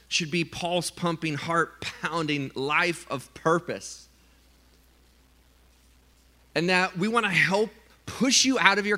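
A man preaching a sermon, telling a funny story with lively, animated delivery and acted-out voices. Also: on the high side. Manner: animated storytelling, acts out his own scared voice. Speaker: pastor.

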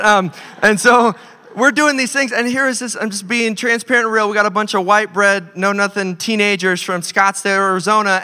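A man preaching a storytelling sermon to a church, his voice bright and a little high for a man. He swings between loud, animated bursts and hushed, earnest stretches. The sound carries a long hall reverb from the church auditorium. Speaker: pastor.

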